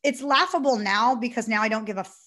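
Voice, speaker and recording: A woman telling her story in a casual talk show, animated and full of "like". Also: on the high side, fast. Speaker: salon owner, guest. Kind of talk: casual podcast conversation.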